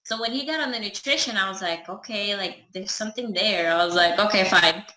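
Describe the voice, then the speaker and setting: A woman's voice: medium pitch, fairly quick, sharp tone, echoey room, low-quality recording. A woman chatting casually through a personal story, acting out the dialogue as she goes. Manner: chatty, acts out her own and others' dialogue.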